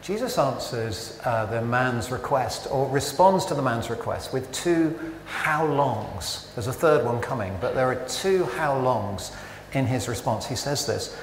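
Chatty preacher in echoey church. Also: male voice, medium pitch, a little slow, a little hiss or hum. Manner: conversational, self-interrupting, animated rhetorical questions. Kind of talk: sermon. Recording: echoey church with long reverb.

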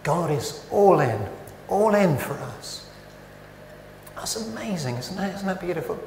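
Speaking in a high, unhurried voice, a man preaches in a church where the reverb rings long, with a slight hiss or hum on the recording. He talks conversationally, breaks into his own thoughts and poses animated rhetorical questions.

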